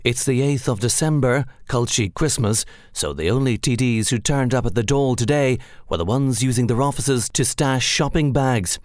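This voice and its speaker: A brisk radio newsreader, as a man plays him reads with crisp, formal polish. His voice is mid-pitched. The sound is dry. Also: darkish tone, dry recording, lightly acted. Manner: crisp formal news delivery.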